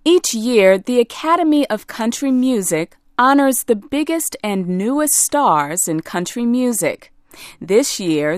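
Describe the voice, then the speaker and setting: A woman's voice: on the high side, no echo, clean studio sound. A woman from Tennessee, reading a scripted radio segment in a careful, neutral on-air voice. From raised in Tennessee, US. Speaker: radio announcer. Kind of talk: slow scripted broadcast reading.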